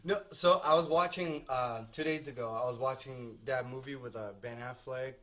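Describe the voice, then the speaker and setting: A man's voice: medium pitch, fairly even intonation, normal speed, fairly bright tone. A young man with a Boston accent, chatting crudely and teasing his friends on a podcast. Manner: crude, teasing, asks questions. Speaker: podcast co-host. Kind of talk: casual chat.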